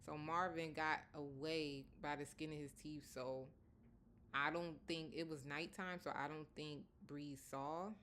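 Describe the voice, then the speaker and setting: A woman with a low, deep-set voice recaps a TV episode in a loose, chatty way. She laughs often and fills her talk with "like" and "you know." Faint background ambience sits under her voice. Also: fairly even intonation, unhurried, a bit bright, a little hiss or hum. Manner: chatty, laughs often, lots of 'like' and 'you know'. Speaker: TV episode reviewer. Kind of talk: casual recap chat.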